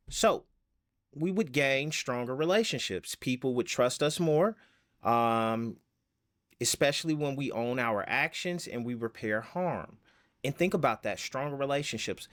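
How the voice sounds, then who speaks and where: A man's voice: medium pitch, animated, measured pace, fairly bright tone. A man giving a casual self-help lesson, rambling with fillers and rhetorical questions.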